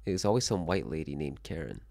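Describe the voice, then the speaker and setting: With an extremely low, gravelly voice, a young man from Korea talks a little fast on his solo livestream. He reacts to the chat in a rambling, jokey, animated way, swearing often.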